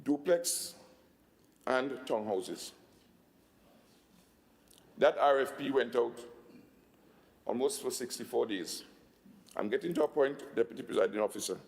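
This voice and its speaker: A man with a Tobagonian accent giving a budget speech in a legislative assembly, emphatic, slowing down to stress figures. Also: mid-range voice, long reverb tail. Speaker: assembly secretary.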